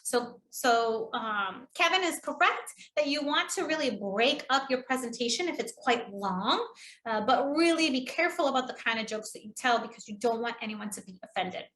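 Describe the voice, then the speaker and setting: A bright, fairly high-voiced woman from New England, with its accent, talking fast in a chatty training lesson. She shows off good and bad delivery by moving her pitch around. The sound is echoey, as if she is in a bare room. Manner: lively, demonstrates delivery with shifting pitch. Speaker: public speaking trainer. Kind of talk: online training presentation.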